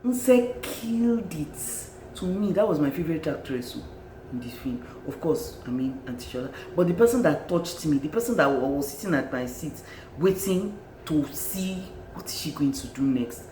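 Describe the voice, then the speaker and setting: A reviewer with a Nigerian accent gives a loose, animated take on a film and punctuates points with exclamations and repeated words. The voice sits at a middle pitch. It is recorded in an echoey room with a faint background hiss. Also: moderate pace. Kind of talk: casual film review commentary.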